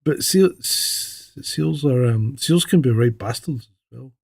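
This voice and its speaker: A man's voice: medium pitch, a little slow, gravelly, a little mellow, breathy edge, no room sound, studio quality. A man hosting a casual podcast chat, blunt and swearing freely as he tells jokes. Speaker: host, retired police sergeant.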